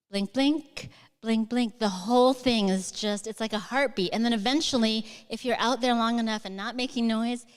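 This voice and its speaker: A middle-aged woman with a fairly high, smooth, resonant voice talks onstage to a live audience. She rambles with warm enthusiasm and many fillers, and her voice carries a long hall reverb. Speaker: guest author.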